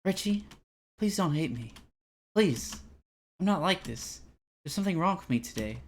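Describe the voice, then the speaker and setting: A man reading aloud as a shy, anxious teenage girl from a game, in a soft, pleading way. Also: high-pitched, animated, normal speed, slight background noise.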